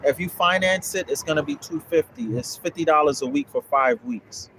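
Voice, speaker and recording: A man's voice: on the high side, animated, normal speed, gravelly, fairly bright tone, slight background noise. A young man who runs a land investing course, talking casually and bluntly on a livestream, swearing and repeating himself as he preaches. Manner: blunt, profane, repetitive preaching. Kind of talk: casual livestream talk answering viewers.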